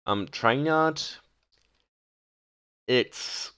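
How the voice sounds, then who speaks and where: A man's voice: mid-range voice, drawn-out words, fairly bright tone, clean tone, dry recording, clean studio sound. A young man talking casually and hesitantly about game maps, with many ums and restarts. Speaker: gaming video creator. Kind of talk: casual game map ranking commentary.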